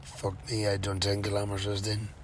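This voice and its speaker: An Irish man recounts his day on the bike in a loose, sweary, meandering way, with plenty of fillers and slang. His voice sits low and stays fairly flat. A faint hiss of noise runs underneath. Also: moderate pace, low-quality recording. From Ireland. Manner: rambling, sweary, lots of fillers. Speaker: touring cyclist vlogger. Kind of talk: casual storytelling.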